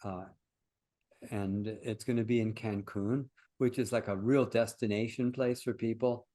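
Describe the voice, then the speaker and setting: A man's voice: fairly low pitch, fairly even intonation, unhurried, mellow. An older man, a workshop founder and teacher, talking casually in an interview as an earnest, reflective storyteller.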